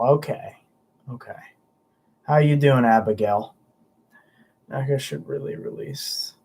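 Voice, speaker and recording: A young man runs a laid-back livestream in a medium-pitched, slightly mellow voice. Loose and chatty, he wanders through viewer comments with plenty of stumbling restarts.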